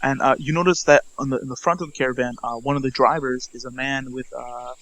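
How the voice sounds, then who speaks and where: A man narrating a tabletop game as game master, halting and restarting often. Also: mid-range voice, steady tone, a bit bright, rough recording. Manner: halting, full of fillers and restarts.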